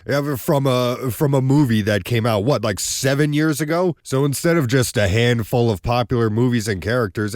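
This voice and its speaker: Man, video host, casual ranting commentary, mid-pitched, dry close sound. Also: no room sound. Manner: animated, ranting, addresses viewers as folks. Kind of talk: casual movie-trailer commentary.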